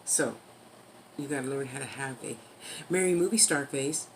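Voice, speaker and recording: This woman has a low, deep speaking voice and talks loosely to her viewers, drifting between asides and advice. She stretches some words out slowly for emphasis. A faint hiss runs under the recording. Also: rough recording. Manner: rambling, chatty, yawning, drawn-out emphasis. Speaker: vlogger giving life advice. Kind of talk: casual talk to camera.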